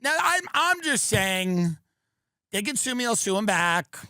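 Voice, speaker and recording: A man hosting a comedy podcast who riffs in a sarcastic, rambling way with deadpan asides. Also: high voice, a little slow, no room sound. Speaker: host.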